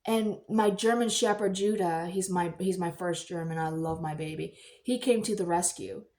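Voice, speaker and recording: A woman vlogging in a casual, rambling storytelling way, acting out the people she quotes with sudden high, excited voices. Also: normal speed. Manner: animated, acts out quoted voices in high squeals.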